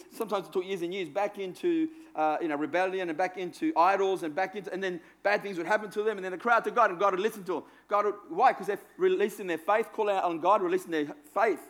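Guy preaching a sermon, fairly high voice, chatty and self-deprecating, repeats himself for emphasis. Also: a bit bright. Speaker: pastor.

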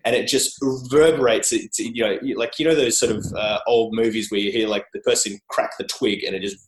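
A man's voice: fairly low pitch, fairly even intonation, brisk. A man with an Australian accent, a guest in a casual interview, joking about himself and rambling with restarts. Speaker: guest, journalist. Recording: roomy echo.

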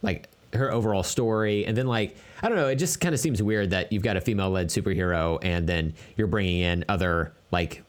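A man's voice: low-pitched, brisk, hardly any pauses, clear, resonant tone. A man co-hosting a casual movie review podcast, hesitant with many fillers and dry jokes. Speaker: podcast co-host.

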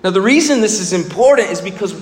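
A man preaching a sermon, swinging between loud emphasis and hushed, low passages. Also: animated, quick pace, reverberant, big-room sound. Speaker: pastor.

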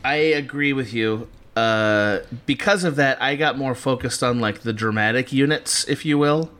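A man's voice: mid-range voice, moderate pace, smooth. A man in a casual movie review chat, agreeing with his co-host and riffing on ideas with frequent laughter. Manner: animated, laughs a lot, agrees and riffs.

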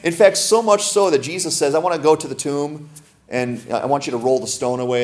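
Man preaching with rhetorical questions. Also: a little high. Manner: slows and softens when reading scripture aloud; joking asides with laughter. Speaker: pastor. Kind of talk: sermon.

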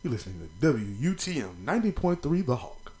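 A man putting on the voice of a proper, stiff male college radio announcer, lower than his usual talk. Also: big pitch swings, brisk, mellow, close to an everyday voice. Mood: mock-formal.

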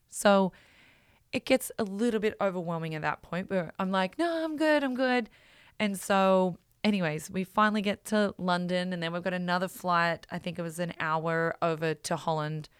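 An Australian woman tells a personal story in a loose, chatty monologue, her voice a little low, smooth, and clear. She's animated and fills her speech with "like" and "you know," and the sound is dry and close with no echo.

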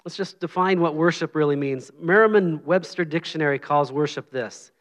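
A man's voice: fairly high pitch, normal speed, few pauses. A middle-aged man giving an informal, earnest sermon as a lay preacher, humble and conversational, with prayer and scripture.

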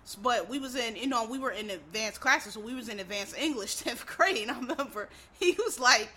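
A woman's voice: a little high, animated, fairly quick, bright, forceful tone, a little hiss or hum. A woman from Philadelphia in a casual, profane monologue, ranting bluntly as a podcast host.

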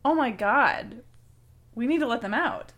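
Woman doing improv as a mom, kinda high voice, deadpan delivery. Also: measured pace. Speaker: improv performer playing a mom. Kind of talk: improv comedy scene.

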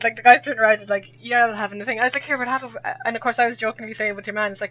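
A woman's voice: fairly high pitch, fairly even intonation, very fast, sharp tone. A young Irish woman telling a rambling story in casual chat, laughing often as a podcast guest. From Ireland. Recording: dull lo-fi audio.

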